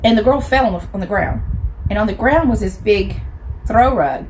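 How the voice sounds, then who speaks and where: A woman's voice: mid-range voice, normal speed, darkish tone, a little hiss or hum, low-quality recording. A woman hosting an eating show, telling a true crime story in a blunt, colloquial way and talking straight to her viewers. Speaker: mukbang host.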